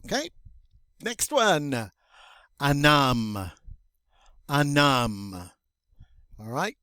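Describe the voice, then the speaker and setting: Man, language teacher, slow pace, dry close sound, chatty, self-amused. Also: mid-range voice, dry recording. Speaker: French teacher. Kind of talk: recorded vocabulary lesson.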